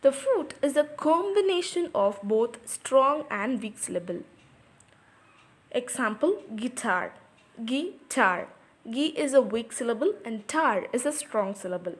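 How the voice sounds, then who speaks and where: A woman's voice: a little high, animated, unhurried, husky. A woman teaching a lesson on poetry, explaining patiently and repeating example words aloud, in English with non-native grammar.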